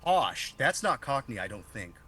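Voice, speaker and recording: A man's voice: medium pitch, expressive, moderate pace, a bit bright. A man co-hosting a podcast in a loose, joking chat, often laughing and restarting his sentences. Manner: loose and joking, swears freely. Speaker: podcast co-host. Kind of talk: casual chat.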